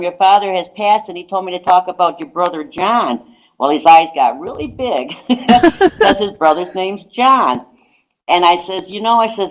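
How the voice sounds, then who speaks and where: A woman's voice: on the low side, low-quality recording. A woman psychic guest on a radio talk show, casually telling a long anecdote and repeating "I says" as she goes. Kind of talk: casual radio chat, storytelling.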